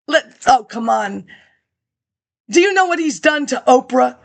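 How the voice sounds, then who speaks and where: A woman's voice: sits high, lively intonation, measured pace, gravelly. A woman rambling through a monologue, reading old papers aloud and jumping between topics with sarcastic asides.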